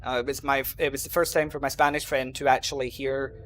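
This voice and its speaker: A man's voice: medium pitch, flat delivery, quick pace, fairly bright tone, soft background music. A man with a mild Glasgow Scottish accent telling a long story in a rambling, casual way, full of ums and you-knows. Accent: Glasgow Scottish, softened. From Scotland. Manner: rambling, lots of "um" and "you know". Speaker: gaming channel host. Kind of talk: casual storytelling over gameplay.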